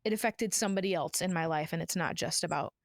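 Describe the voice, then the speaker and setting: A woman's voice: fairly low pitch, quick pace, dry recording, clean studio sound. A young adult woman hosting a podcast, telling family stories in a chatty way that is full of "like.". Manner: warm storytelling, chatty with many "like"s. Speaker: podcast host and mother. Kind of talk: casual conversation.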